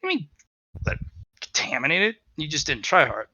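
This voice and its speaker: A man's voice: a little high, wildly swooping pitch, moderate pace, sharp tone, husky, voice pushed up, full character voice. A man voicing a brash, inexperienced young adventurer who talks in a raised, whiny, incredulous voice. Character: brash young male bronze-tier adventurer.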